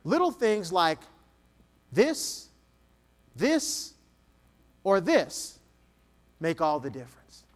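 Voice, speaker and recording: A man's voice: sits high, wildly swooping pitch, drawn-out words, long pauses. A man giving an interactive keynote talk on stage before an audience, energetically coaching a volunteer. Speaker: keynote speaker.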